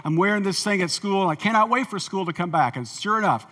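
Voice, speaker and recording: Animated high-voiced preacher in a big hall. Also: male voice, fast talker. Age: 40s. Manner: animated storyteller, acts out quoted voices. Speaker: pastor. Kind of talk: sermon with personal stories. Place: large church auditorium.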